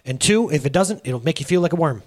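A man in his thirties, a pastor giving a lively sermon, acting out stories in quoted dialogue. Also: a little high, quick pace. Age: 30s. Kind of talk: sermon with storytelling. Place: church sanctuary.

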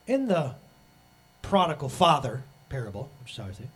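A man in his thirties preaching a sermon as pastor, animated and acting out the voices he quotes. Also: on the high side, fairly quick, slightly rough.

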